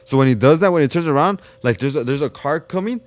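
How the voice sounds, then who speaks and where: A man's voice: on the high side, lively intonation, quick pace. A young man, a podcast guest telling a street story in casual, slangy, profane talk full of "fool" and restarts.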